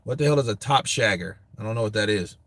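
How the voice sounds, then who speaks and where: A man's voice: lowish voice, expressive, fast talker, fairly bright tone, no echo. Crude, laughing American guy chatting boxing. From United States. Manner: laughing often, loose and crude, talks to the chat. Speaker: boxing show host reading viewer comments. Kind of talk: casual profane chat.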